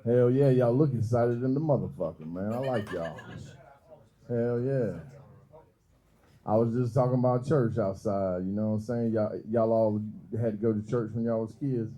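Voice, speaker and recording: A man's voice: mid-range voice, moderate pace, dark tone, rough recording. A young man doing stand-up at a comedy club open mic, loose and profane, laughing at his own jokes. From Georgia, US. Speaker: stand-up comic.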